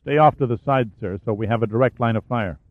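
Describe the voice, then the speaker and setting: A man doing a gruff, tobacco-chewing sergeant. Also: mid-range voice, quick pace, no echo, lightly acted. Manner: gruff, muttering. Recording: dry, phone-like lo-fi sound.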